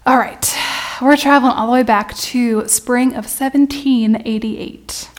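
A woman's voice: fairly high pitch, steady tone, a little slow. A young adult woman hosting a podcast, chatting casually and telling a story with lots of fillers. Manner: chatty, filler-heavy, trailing off.

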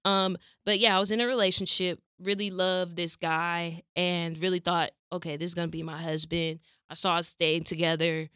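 A woman's voice: fairly low pitch, normal speed, few pauses, smooth, no echo, clean studio sound. A young adult woman from California, hosting a podcast and telling a personal story in casual chat, acting out the dialogue. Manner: animated, acts out quoted dialogue. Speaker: podcast host.

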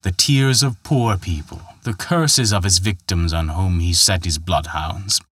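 A man's voice: a little slow, fairly bright tone, slightly rough, no echo, studio quality. A man narrating a folktale in a scripted, dramatic telling. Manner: dramatic, raises pitch and volume for quoted characters. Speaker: storyteller.

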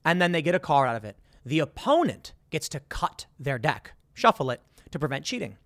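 Man, emphatic commentator, high lively voice, dry close sound, stammers and quotes people mid-rant. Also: brisk, no echo. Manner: emphatic, repeats words and acts out quotes. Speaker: political commentator. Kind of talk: animated monologue.

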